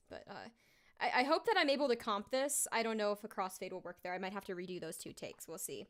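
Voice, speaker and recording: A woman's voice: mid-range voice, quick pace, soft background music. A woman singer talking casually on a live stream while recording her vocals, thinking aloud with lots of fillers.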